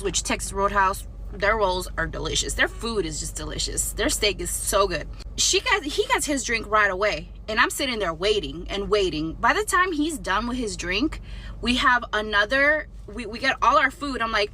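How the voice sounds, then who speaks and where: Casual vlogger, a woman with a bright voice pitched a bit high, retelling a story bluntly with cursing. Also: moderate pace, slight background noise. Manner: blunt and profane; animated retelling.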